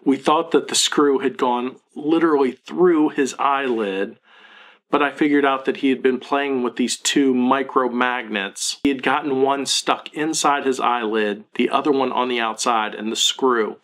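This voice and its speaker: A man in his thirties speaks straight to camera in a confessional vlog, his voice sitting in an ordinary middle pitch. He sounds earnest and remorseful, openly critical of himself as a father as he talks. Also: fairly even intonation, unhurried, fairly bright tone. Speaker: parenting blogger and vlogger.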